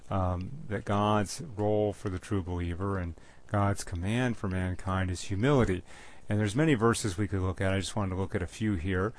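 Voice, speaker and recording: A man teaching through Bible verses in an earnest, plain way, stumbling and repeating words as he goes and slowing down to read scripture aloud. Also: lowish voice. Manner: reads scripture slowly and deliberately.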